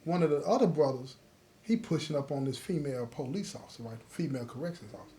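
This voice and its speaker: In a mid-range voice and at a fast clip, a man shares his own prison stories as a host, addressing listeners directly and confirming they follow. He animatedly impersonates the others involved, and a little hiss or hum can be heard.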